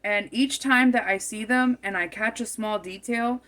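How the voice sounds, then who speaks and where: A woman's voice: mid-range voice, normal speed, fairly bright tone. A woman giving a tarot card reading, musing aloud and often repeating and rephrasing her phrases as she goes.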